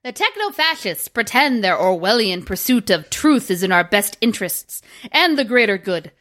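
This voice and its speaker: A woman's voice: medium pitch, very animated, moderate pace, a bit bright. A woman putting on an old-timey man's voice to read a proclamation in a mock-solemn, pompous way. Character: old-timey American man reading a proclamation.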